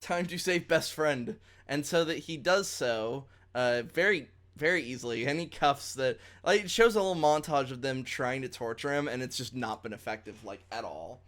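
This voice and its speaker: A man's voice: medium pitch, normal speed, few pauses, fairly bright tone. A man co-hosting a podcast, recapping episodes in loose casual chat, rambling and laughing and acting out lines. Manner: rambling, laughing, acts out quotes. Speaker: podcast co-host.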